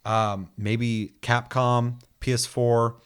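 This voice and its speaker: A man co-hosting a casual gaming podcast, talking in an animated way, ranting and swearing freely and acting out the people he quotes. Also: medium pitch, very slow, clear, resonant tone. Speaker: podcast co-host. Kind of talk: casual chat about video games.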